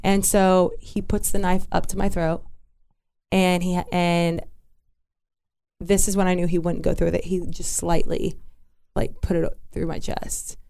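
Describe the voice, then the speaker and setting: Woman w a lowish clear voice, telling her story straight, lots of restarts n asides. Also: level tone, a little mellow. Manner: halting, candid, many restarts and asides. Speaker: interview guest. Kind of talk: personal storytelling in conversation.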